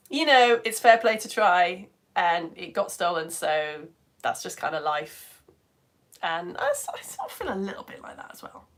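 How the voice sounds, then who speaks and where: A woman, an online science teacher chatting casually and warmly reading out viewer comments during a live stream. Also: medium pitch. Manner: chatty and effusive, reads comments aloud.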